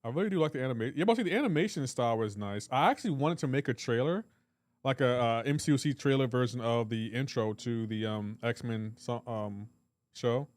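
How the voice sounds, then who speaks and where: A man's voice: medium pitch, a little fast, no echo. A man hosting a live game stream, joking around in casual chat and answering his viewers' comments aloud.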